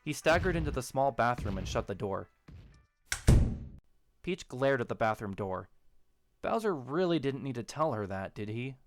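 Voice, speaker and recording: A man narrating a story in a steady, even storytelling manner. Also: medium pitch, moderate pace, long pauses, music in the background. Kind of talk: audiobook narration of a fan story.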